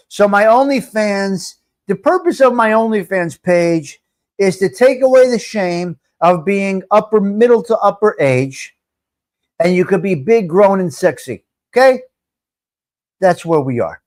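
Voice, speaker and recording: A middle-aged man hosts a live chat stream in a fairly high voice. He jokes around and talks straight to his viewers in a loose, chatty way. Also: animated, unhurried, darkish tone. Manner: joking, chatty, addresses viewers directly.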